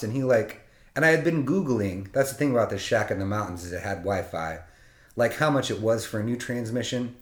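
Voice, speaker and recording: Profane, animated man telling a story. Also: fairly low pitch, normal speed. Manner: profane, animated, laughing between lines. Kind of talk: casual comedic storytelling. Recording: roomy echo.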